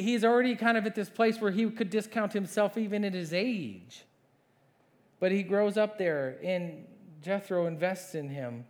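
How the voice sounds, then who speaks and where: A man preaching a sermon as pastor, conversational and animated, asking the congregation questions and acting out biblical characters. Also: high-pitched. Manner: animated, acts out voices of Moses and God.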